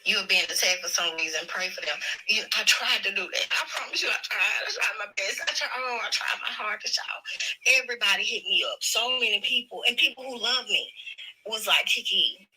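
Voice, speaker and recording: Husky-voiced woman ranting angrily. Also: medium pitch, a little fast, pushed and bright, rough recording. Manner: heated, profane, defiant. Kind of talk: angry livestream rant.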